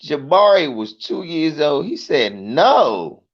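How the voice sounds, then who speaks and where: Profane guy doing stand-up bits, slow and drawn out, muffled lo-fi sound. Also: medium pitch. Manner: profane, animated, mimics voices. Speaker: comedian. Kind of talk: stand-up storytelling.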